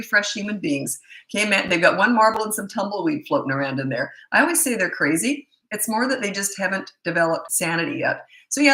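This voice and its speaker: A middle-aged woman gives parenting advice in a blunt, brisk, opinionated way. Her voice is gravelly, bright and fairly low, and it echoes in a roomy space. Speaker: parenting coach. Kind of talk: casual Q&A talk to camera.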